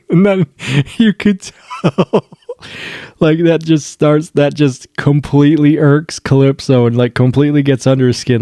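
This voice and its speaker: Male reviewer, casual and hyped, mid-pitched, dry close sound. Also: moderate pace, no echo. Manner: excited, rambling, with slang and swearing. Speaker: TV episode reviewer.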